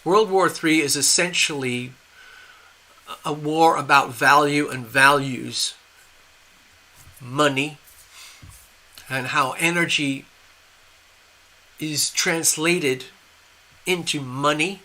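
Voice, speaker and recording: Opinionated older man, bright voice. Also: a little high, steady tone, takes it slowly, long pauses. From USA. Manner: opinionated, rambling with restarts. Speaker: host. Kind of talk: live-stream commentary.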